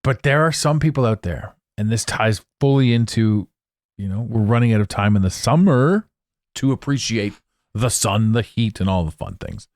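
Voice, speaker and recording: A man hosting a solo podcast, rambling in a jokey, animated way into a close microphone. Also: on the low side, moderate pace, no echo. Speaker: podcast host. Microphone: close studio mic.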